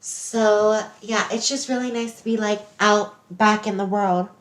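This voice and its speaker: This is a young woman who won a reality show and now fusses over every detail of her style, voiced by a woman. She speaks with a put-on South African accent, earnest and halting, with frequent ums. Her voice sits at a middle pitch and sounds distant and roomy, as if far from the microphone. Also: fairly even intonation, lightly acted. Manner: hesitant, many ums, earnest. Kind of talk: role-play interview.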